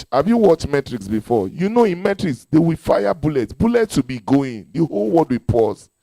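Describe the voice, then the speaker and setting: A man in his thirties with a Nigerian accent performs stand-up storytelling, animated and switching into character voices. His voice sits high for a man. The sound carries the echo of a large event hall. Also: gravelly. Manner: animated, acts out voices with Yoruba phrases. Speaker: stand-up comedian. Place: event hall before a live audience.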